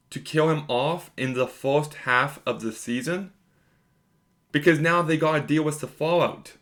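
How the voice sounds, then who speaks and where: A man's voice: on the high side, fairly bright tone. A young man giving a casual video review of a TV episode, talking emphatically with lots of filler words. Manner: emphatic, conversational, lots of "like" and "you know".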